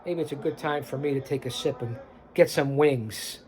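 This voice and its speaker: A man's voice: medium pitch, moderate pace, darkish tone. A man hosting a show, casually rambling his commentary over a video clip. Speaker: host.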